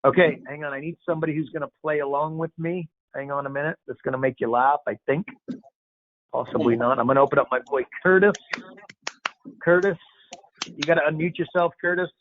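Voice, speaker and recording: A man's voice: on the high side, steady tone, a little fast. A man hosting a casual Q&A call, playful and rambling, joking with callers. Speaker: host. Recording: tinny phone-like line, dry.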